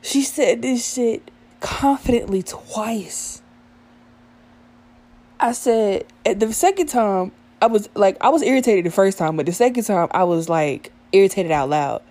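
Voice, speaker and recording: A young adult woman telling a profane, animated story about a night out, acting out the dialogue as she goes. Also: medium pitch, a little slow. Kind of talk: casual storytime monologue.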